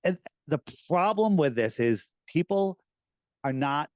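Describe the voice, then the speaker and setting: A middle-aged American man talking casually in an interview, animated and rambling, with many restarts. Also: on the high side, takes it slowly, dry recording. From United States. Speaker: podcast host, guest.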